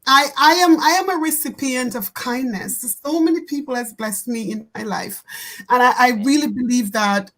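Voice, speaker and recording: A woman hosting an online talk show, speaking earnestly and warmly, repeating words and laughing often. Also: sits high, moderate pace, low-quality recording. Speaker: host.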